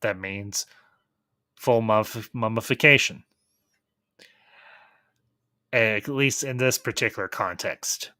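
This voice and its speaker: A man giving a casual, enthusiastic review of a TV series, pausing and restarting as he thinks aloud. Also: fairly low pitch, sharp tone, dry recording. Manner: thoughtful, enthusiastic, with frequent restarts. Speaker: film reviewer.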